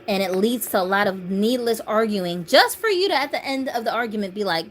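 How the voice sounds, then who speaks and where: A woman's voice: mid-range voice, animated, brisk, hardly any pauses, a little hiss or hum. A woman in her thirties hosting a doll channel, chatting casually on a phone livestream, laughing often and reading viewer comments aloud. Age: 30s.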